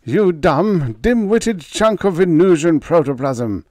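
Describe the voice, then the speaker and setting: A man's voice: medium pitch, lively intonation, unhurried, no room sound, voice pushed up, lightly acted. A man voicing a ruthless mad male scientist in a storybook reading, speaking in a snapping, imperious, contemptuous way. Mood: furious.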